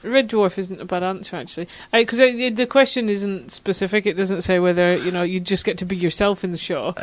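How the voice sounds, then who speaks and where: A woman's voice: on the low side, fairly quick. A young woman, co-hosting a casual podcast chat, giggly, sceptical and teasing. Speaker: podcast co-host.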